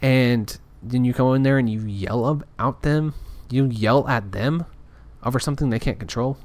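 A man's voice: medium pitch, moderate pace, a little mellow. A man talking in a casual, rambling rant, frustrated and full of restarts. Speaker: podcaster. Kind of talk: casual ranting monologue.

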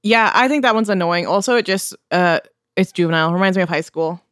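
A woman's voice: on the low side, fairly bright tone, dry recording, studio quality. A young woman co-hosting a podcast, chatting in a wry, easygoing way. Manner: chatty, wry, quick agreement. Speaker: podcast co-host. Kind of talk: casual chat.

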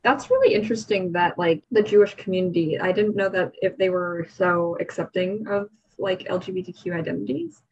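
A woman's voice: fairly low pitch, brisk, hardly any pauses, darkish tone, breathy edge. A woman hosting an interview, encouraging her guest and asking follow-up questions. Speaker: host. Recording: dull, lo-fi sound.

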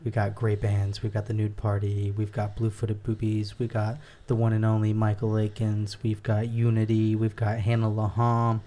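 A man's voice: on the low side, completely flat delivery, normal speed, hardly any pauses, dark tone. A man hosting a podcast, upbeat and joking as he wraps up and promotes events. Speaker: podcast host. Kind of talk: casual podcast chat.

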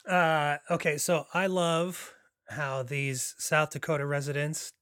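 A man hosting a podcast, talking about a film casually, rambling with many fillers and restarts and getting excited. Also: fairly high pitch, slow, smooth, no room sound, studio quality. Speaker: podcast host.

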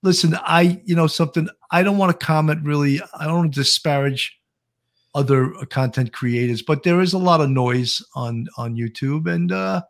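A man, a retired police officer, co-hosting a live online show and giving measured, steady commentary. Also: fairly high pitch. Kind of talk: casual livestream commentary.

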